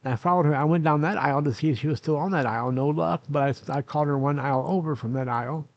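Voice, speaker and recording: Older man, gravelly voice, dry close sound, dull lo-fi recording, rambling self-correcting storyteller in a nursing home room. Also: a little high, fast talker, no room sound. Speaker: vlogger. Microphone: camera recording himself.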